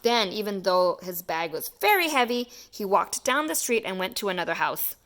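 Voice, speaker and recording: A woman reading a children's picture book aloud in an expressive, animated way. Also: medium pitch, normal speed. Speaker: children's story reader. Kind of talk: storybook read-aloud.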